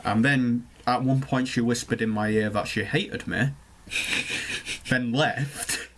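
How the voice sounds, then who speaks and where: A young man, co-hosting a podcast and telling stories in casual chat, animated and swearing often. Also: medium pitch, slow pace. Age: young adult. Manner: animated storytelling, swears a lot. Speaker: podcast co-host.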